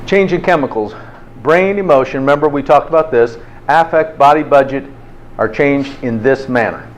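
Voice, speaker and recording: A man's voice: mid-range voice, normal speed, a little hiss or hum. A man teaching a health class in an informal, interactive way, often checking in with "okay?". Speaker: health instructor.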